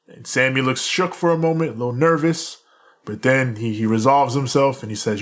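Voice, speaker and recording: A man's voice: mid-range voice, fast. A man co-hosting a casual wrestling podcast, laughing often and retelling scenes with quoted lines. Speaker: co-host recapping wrestling.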